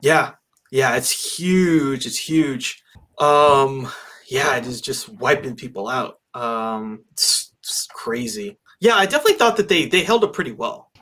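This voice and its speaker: A man's voice: mid-range voice, expressive, unhurried, bright, forceful tone. Rambling man in casual movie chat. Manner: rambling, many fillers and restarts.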